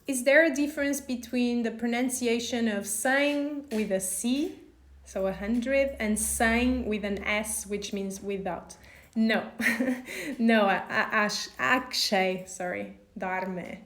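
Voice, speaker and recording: A woman teaches on a live stream, speaking very slowly in a slightly high voice. She answers viewer questions patiently and stretches out example words so each sound is clear. Her voice rings in a roomy, echoey space. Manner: slow, patient, over-pronounces example words. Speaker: language teacher.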